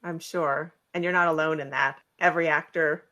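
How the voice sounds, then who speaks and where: A woman's voice: sits low, steady tone, normal speed, bright, forceful tone. A woman hosting an interview, asking follow-up questions and affirming her guest. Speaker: interview host. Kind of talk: casual interview conversation.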